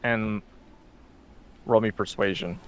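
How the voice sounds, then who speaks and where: A man who narrates a tabletop game as game master, casual, with relaxed asides. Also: lowish voice, slow pace, slight background noise.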